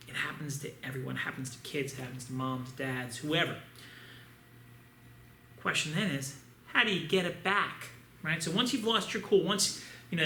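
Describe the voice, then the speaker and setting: Bright-voiced martial arts instructor, roomy echo. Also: male voice, on the high side. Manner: upbeat, coaching, often checks in with "right?". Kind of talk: online kids' class instruction. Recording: echoey room with faint ambient noise.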